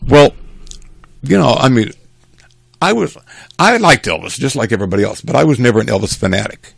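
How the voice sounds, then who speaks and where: An older man casually telling a rambling family story, animated and chuckling as he goes. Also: medium pitch, a little fast, gravelly, husky, dry recording.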